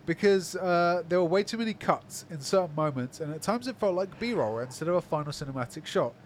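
Animated man co-hosting a chatty podcast. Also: high-pitched, a little hiss or hum. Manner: animated, quick quips and sudden exclamations. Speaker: podcast co-host. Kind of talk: casual chat, reading listener comments aloud.

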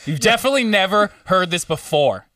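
A young man, a podcast co-host telling a story in casual chat, rambling and animated with many restarts. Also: sits high, fairly quick, no echo, clean studio sound, far from the mic.

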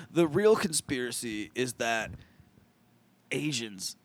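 A man's voice: medium pitch, big pitch swings, slow. A man co-hosting a podcast in casual chat, joking crudely and rambling with lots of fillers. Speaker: podcast co-host.

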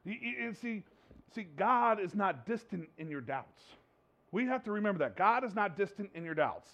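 Animated high-voiced male preacher. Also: moderate pace, lo-fi sound. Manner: animated, repeats himself, acts out quotes. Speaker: pastor. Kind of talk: sermon. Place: church hall with slides.

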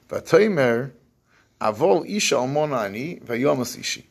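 Man, Torah teacher, gravelly husky voice, reads and translates verses, acts out the lines. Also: medium pitch, expressive, normal speed. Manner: explains verses by reading, translating and acting out the lines; Yeshivish English with Hebrew phrases. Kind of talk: recorded evening Torah class.

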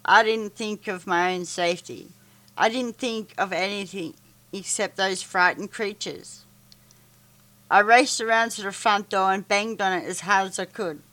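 A woman reading a children's story aloud, halting with stumbles and restarts. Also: mid-range voice, bright, forceful tone.

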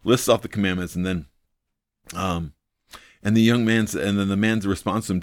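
A man's voice: fairly low pitch, fairly even intonation, normal speed, long pauses, no room sound. A man hosting a devotional video, teaching from the Bible in an earnest, thinking-aloud way, full of ums and repeating his main points.

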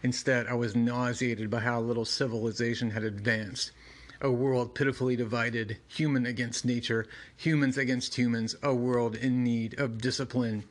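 A man's voice: medium pitch, level tone, moderate pace, natural voice. Brief: growling, arrogant ancient demon god, menacing and grand, voiced by a man for a comic read-aloud. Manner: strained growling monster voice.

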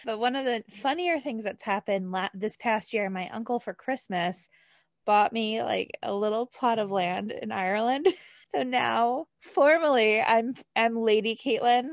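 A woman's voice: fairly high pitch, a little slow, no room sound, clean studio sound. A woman from New Jersey co-hosting a podcast in casual chat, bubbly and laughing often. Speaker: podcast co-host.

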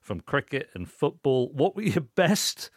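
Podcast host, a man, animated pitch, dry booth sound. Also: measured pace, no room sound. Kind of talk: casual chat, asking questions.

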